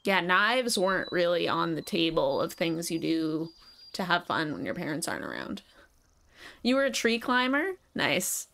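A woman's voice: fairly low pitch, sing-song, moderate pace, vocal fry, a bit bright. A woman streamer chatting casually and reflectively to her viewers during a live gameplay session. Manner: chatty, laid-back, reflective.

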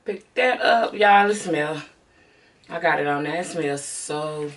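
Far from the mic, a middle-aged woman with a Southern American accent speaks slowly in a low voice. She's a beauty vlogger doing a home haul, chatting casually and addressing her viewers straight on as "y'all."

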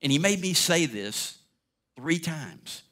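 Guy preaching, bright voice, tells his story like a storyteller, acts out the lines. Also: fairly high pitch, takes it slowly. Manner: animated storyteller, acts out dialogue. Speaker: guest speaker. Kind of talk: sermon storytelling.

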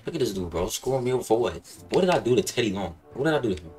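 A young man hosting casual gameplay commentary, excitable and profane, rambling and saying "bro" constantly. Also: fairly low pitch, racing, soft background music. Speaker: gaming channel host.

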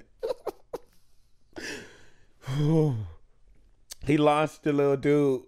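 A man's voice: sits high, very animated, moderate pace, long pauses, fairly bright tone. A man hosting a movie reaction video, laughing often and apologizing through the laughs as he talks over the film. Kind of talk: casual reaction commentary.

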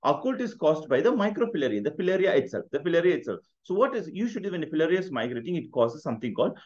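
Fast, lively man lecturing in a lo-fi recording. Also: a little high. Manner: mixes Hindi and English, repeats key terms, quizzes the viewer. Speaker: medical exam tutor. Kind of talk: rapid revision lecture. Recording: dull lo-fi recording.

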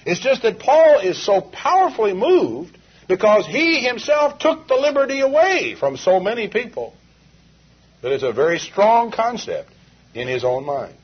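A man's voice: high-pitched, big pitch swings, unhurried, breathy edge. A male preacher delivering an emphatic sermon full of rhetorical questions, heard on a dull, lo-fi 1980s tape.

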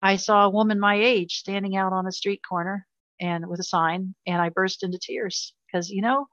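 A woman's voice: mid-range voice, fairly even intonation, moderate pace, fairly bright tone, dry recording, muffled recording. An older woman telling a painful personal story in an interview, earnest and emotional, often repeating herself. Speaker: guest.

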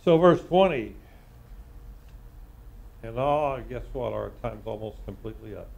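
Male rabbi leading a live Torah class, mid-pitched, works through Hebrew slowly with pauses. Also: animated, vocal fry, a little mellow, muffled recording. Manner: slow, halting, reading Hebrew word by word and translating. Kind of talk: live Bible study lesson.

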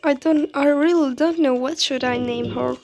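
Gushing high-voiced woman gaming vlogger. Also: moderate pace, creaky, darkish tone. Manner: gushing, repeats exclamations. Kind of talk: excited game commentary. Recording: music playing under the voice.

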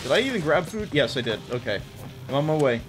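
Playful gamer guy, high lively voice, game music behind. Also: fast talker. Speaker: let's play player. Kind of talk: casual gameplay commentary.

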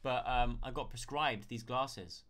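A man's voice: mid-range voice, unhurried, fairly bright tone. A man chatting casually on a live stream, thanking viewers one by one and answering their questions.

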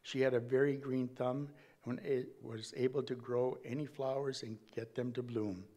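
A man giving a eulogy in a church, reading from notes at a measured pace with small slips and restarts. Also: medium pitch, level tone, mellow. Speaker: family member giving a eulogy.

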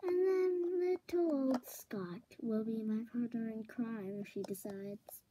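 A woman voicing a scheming teenage girl villain in a slow, hushed whispered role-play. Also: fairly high pitch, a little hiss or hum, poor audio.

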